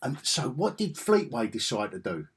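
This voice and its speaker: An English comics vlogger talks through old comics in a casual, nostalgic monologue. His husky mid-range voice swings widely in pitch at a normal speed. He's enthusiastic and rambling, often restarting his sentences.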